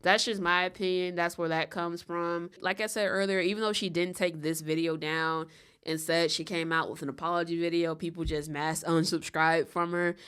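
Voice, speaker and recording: Smooth-voiced sarcastic woman commentator. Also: lowish voice, fairly even intonation, moderate pace, a bit bright. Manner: sarcastic, exasperated. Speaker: reaction commentator. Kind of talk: casual commentary.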